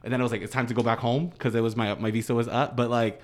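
A man's voice: mid-range voice, flat delivery, racing. A man in his twenties in casual podcast chat, upbeat and rambling, often restarting his sentences. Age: 20s.

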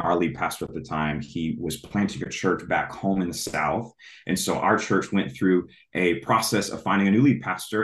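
Deep-voiced man telling his testimony. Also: reverberant. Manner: animated, acts out his own reactions in high bursts. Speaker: traveling evangelist. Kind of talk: testimony storytelling.

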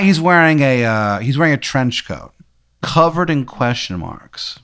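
A man's voice: mid-range voice, animated, a little slow, fairly bright tone. A man hosting a podcast, telling an improvised, rambling scenario to his guest and swearing casually as he goes. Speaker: podcast host. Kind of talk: improvised storytelling.

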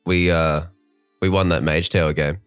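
A man's voice: extremely low pitch, steady tone, moderate pace, smooth, dry recording, faint music behind. A man playing a tabletop game, talking casually and hesitantly. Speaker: player.

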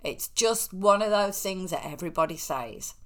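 A woman's voice: fairly low pitch, lively intonation, normal speed, fairly bright tone. A middle-aged woman hosting a casual solo talk on interior decor, chatty and opinionated, with self-mocking asides.

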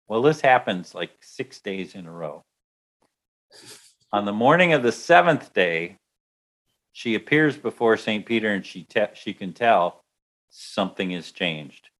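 A man telling a story aloud in a lively way, acting out the voices. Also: lowish voice, measured pace, long pauses. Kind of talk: telling an anecdote.

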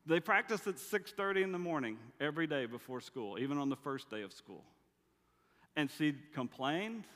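A man's voice: a little high, big pitch swings, normal speed, fairly bright tone. A middle-aged man preaching a sermon, telling family stories with dry humor in a conversational way. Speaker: pastor. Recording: long reverb of a large hall.

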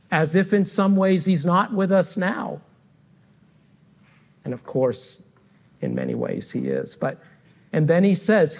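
A middle-aged male pastor delivers a sermon in a slightly high voice. He moves unhurriedly, breaking his thoughts into short phrases with pauses between them. His tone stays earnest and reflective throughout. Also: big pitch swings, gravelly, a little mellow. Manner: slow, deliberate, with frequent pauses between phrases.

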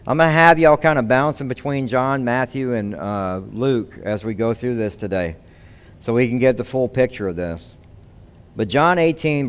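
A man's voice: medium pitch, smooth. A man preaching a sermon, reading scripture and asking the congregation rhetorical questions. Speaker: pastor.

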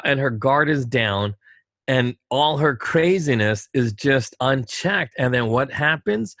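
A man's voice: medium pitch, animated, unhurried, gravelly, a bit bright, no echo. Middle-aged man, talk co-host, emphatic and rhetorical, dry close sound. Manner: emphatic, rhetorical, repeats himself. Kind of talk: casual political talk.

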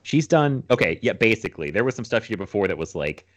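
A man in his thirties talks through a film on a casual podcast, his fairly low voice swinging widely in pitch. He rambles through fillers and restarts and laughs a lot. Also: sing-song, quick pace. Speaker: podcast co-host. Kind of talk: casual movie discussion.

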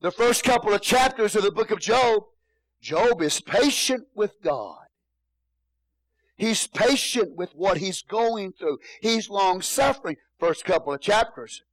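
A man's voice: high-pitched, expressive, unhurried, no echo, poor audio. A male pastor preaching a sermon in a church, repeating phrases and calling out hallelujah.

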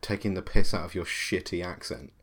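Player, man, low voice, jokey and crude. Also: fairly quick, a bit bright. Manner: jokey, swears freely. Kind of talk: casual tabletop game chat.

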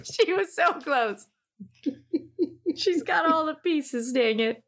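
A woman playing trivia with friends who laughs at her own wrong answers. She talks at an unhurried pace, in a relaxed, self-deprecating way. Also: high-pitched. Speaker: quiz contestant. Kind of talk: casual chat.

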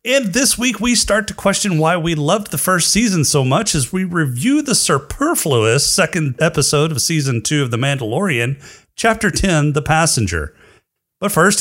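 A man hosts a podcast in a jokey, bantering way, swearing casually as he introduces his co-hosts. His voice sits fairly high and moves around a lot. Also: fairly bright tone. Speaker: podcast host.

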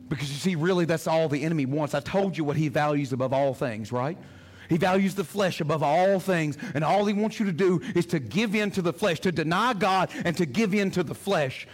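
A man's voice: on the high side, a little fast, a little hiss or hum. A male pastor preaching a sermon in an impassioned, emphatic way, often repeating his phrases.

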